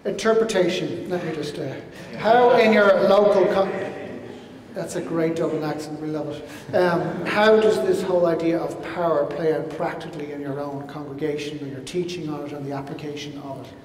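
A man's voice: fairly high pitch, steady tone, normal speed, a little mellow. A man moderating a live Q&A, short and upbeat, repeating audience questions for the room. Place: large hall at a conference. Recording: echoey hall, distant mic.

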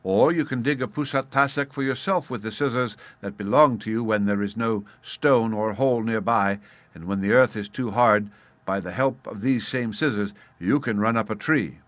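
A calm little girl who offers gifts gently, voiced by a male reader without much change. Soft and even, recorded dry. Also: lowish voice, moderate pace, no room sound, close to an everyday voice. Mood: gentle.

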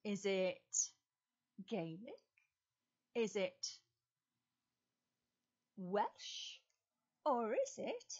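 An English woman leading a children's Sunday school lesson, quizzing and storytelling in a slow, sing-song way with exaggerated rises. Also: mid-range voice, huge pitch swings, a little mellow, dull audio.

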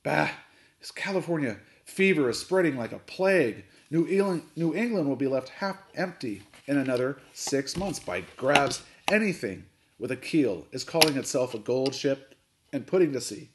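A man's voice: mid-range voice, animated, moderate pace, a little hiss or hum, lightly acted. A man voicing a blustering, hot-tempered old sea captain who roars and bellows. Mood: scornful. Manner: roaring, bellowing shouts.

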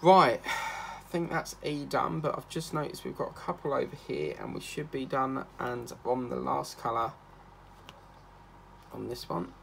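A craft channel host chats casually while working on a craft project, rambling from one topic to another and now and then breaking into a line or two of song. His mid-range voice is gravelly and a bit bright, and he speaks unhurriedly. There is slight background noise.

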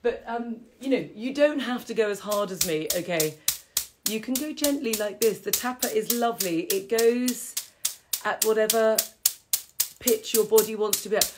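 A woman's voice: fairly high pitch, moderate pace, background noise. A middle-aged woman, teaching a casual live-streamed qigong class in a chatty, rambling way with frequent laughter. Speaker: qigong teacher and health host.

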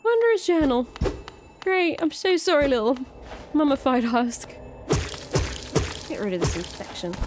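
A woman giving casual, excitable commentary as she plays a game, gasping and swearing at enemies. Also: sits high, measured pace, long pauses, noisy background. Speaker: gaming streamer. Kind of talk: casual let's-play commentary. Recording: game music playing behind. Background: game music.

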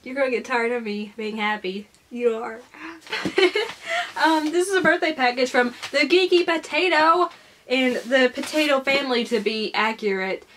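A young woman with a high, light voice talks through an unboxing in a casual vlog. She gushes and giggles, bubbly and eager, in an easygoing chatty way. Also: normal speed, fairly bright tone, slight background noise. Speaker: YouTuber opening a fan package.

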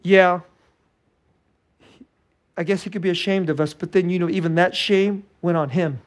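A man delivers a sermon in a chatty, unpolished way, his fairly high voice rising on emphatic points and sinking to near-murmurs on tender ones. He laughs between phrases as he talks. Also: fairly even intonation, normal speed. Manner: conversational preaching, swinging between bright and hushed. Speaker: pastor.

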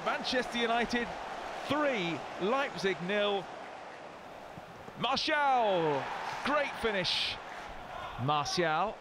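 A man giving live football commentary, bursting into excited shouts at goals. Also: high-pitched, very slow, pauses often. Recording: broadcast commentary over loud crowd noise. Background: stadium crowd.

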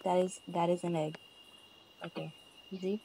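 A woman chatting casually while playing a video game with her sister, excitable and prone to loud outbursts and repeated catchphrases. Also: lowish voice, normal speed, vocal fry, a little hiss or hum, poor audio. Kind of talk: casual gameplay chat.

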